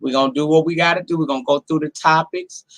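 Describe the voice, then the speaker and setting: Hoarse, sassy woman host with a cold. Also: low-pitched, fairly even intonation, fast. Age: 40s. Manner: sassy, profane, talks straight to the chat. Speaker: livestream host. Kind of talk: casual live-stream chat. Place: her home.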